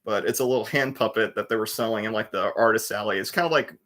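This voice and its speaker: A man in his twenties hosts a livestream, chatting casually into a computer webcam mic in a lowish, fast, slightly bright voice. He rambles, with lots of restarts and trailing fillers.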